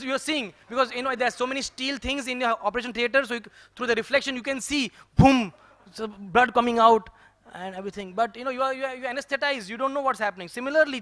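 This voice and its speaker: High-voiced preacher telling a story. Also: male voice, no echo, studio quality. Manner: lively storytelling, chuckling, conversational. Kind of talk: sermon. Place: temple hall.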